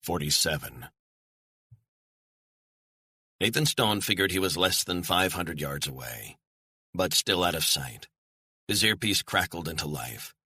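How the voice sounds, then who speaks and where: A man reading a thriller audiobook in measured, storytelling narration. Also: sits low, expressive, pushed and bright, husky, dry recording, studio quality.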